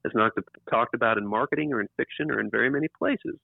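A gravelly, mid-range male voice talks fast as an author is casually interviewed about his book. He rambles along with restarts and emphatic repetition. The audio, from a computer microphone, is dry and tinny like a phone line.

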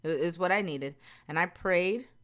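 Low-voiced woman talking candidly to viewers. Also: moderate pace, a bit bright. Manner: earnest, emphatic, repeats phrases for emphasis. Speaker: vlogger. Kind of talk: candid personal talk to viewers.

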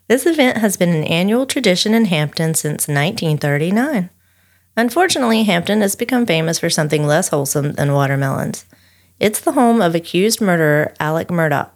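Low-voiced woman narrating true crime. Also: fairly quick. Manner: steady storyteller reading researched notes, chatty asides. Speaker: podcast co-host.

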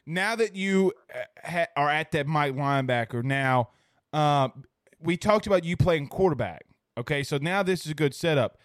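Male sports host, chatty and upbeat, slightly high smooth voice, dry close mic. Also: expressive, moderate pace, dry recording. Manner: chatty, enthusiastic. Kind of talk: casual interview.

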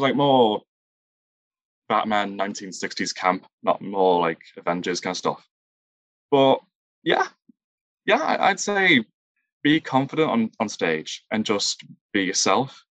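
Halting man searching for words. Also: lowish voice, fairly bright tone, no room sound. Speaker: improv performer, guest. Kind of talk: casual interview answers.

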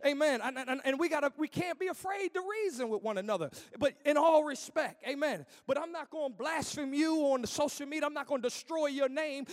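An American pastor preaches an impassioned sermon in an informal church cadence, his voice climbing to shouts and then dropping low.

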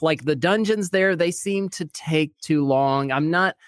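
A man's voice: a little high, unhurried, no room sound, clean studio sound. A man on a podcast panel giving his opinion in casual chat, hedging with ums.

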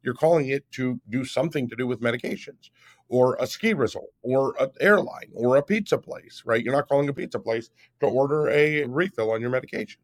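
A man in his fifties, an app founder appearing as a guest on a podcast interview, speaks briskly in a mid-range voice. He explains at length with emphasis, frequently checking in with "right?".

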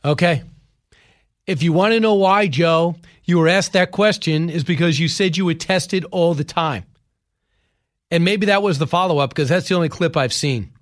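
High-voiced emphatic male host. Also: normal speed. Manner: emphatic, rhetorical questions. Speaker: commentary show host. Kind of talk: opinionated political commentary.

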